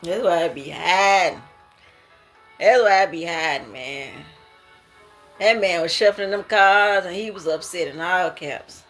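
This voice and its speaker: A woman speaks in an unhurried, drawn-out way, her voice bright and forward. She is sharing her dreams as a casual monologue, exclaiming and laughing often in slangy, emphatic talk. Soft music plays faintly behind her. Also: on the low side. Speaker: creator sharing prophetic dreams.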